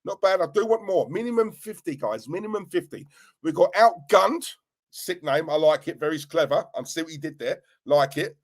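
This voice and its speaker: A middle-aged man, casually chatting on a livestream and giving loud shout-outs to his viewers. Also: fairly high pitch, expressive, moderate pace. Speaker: livestream host.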